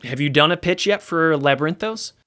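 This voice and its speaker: A man's voice: on the high side, animated, fairly quick, fairly bright tone. Playful, teasing male podcast host. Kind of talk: casual podcast chat.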